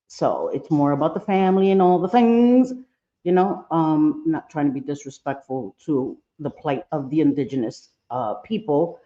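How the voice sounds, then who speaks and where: Chatty woman livestreamer, low mellow voice. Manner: chatty, warmly greeting viewers by name. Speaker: livestream host. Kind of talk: casual livestream chat. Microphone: computer mic on a livestream. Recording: dull lo-fi stream audio.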